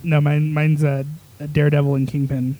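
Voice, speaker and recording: A man's voice: on the high side, flat delivery, moderate pace, highs cut off. A man co-hosting a podcast, joking and teasing in casual banter. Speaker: podcast co-host. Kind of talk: casual chat.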